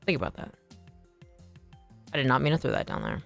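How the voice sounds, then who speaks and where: A young woman streams a game in a low, casual voice. She rambles and swears easily, and her pitch swings widely. Faint background music plays under her chat. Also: wildly swooping pitch, a little fast, gravelly.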